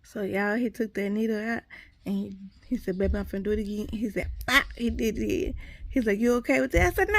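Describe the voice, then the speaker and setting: A woman's voice: medium pitch, dry recording. A woman telling a casual story to her viewers, acting out what others said and calling them y'all. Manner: animated, quotes others, addresses viewers as y'all.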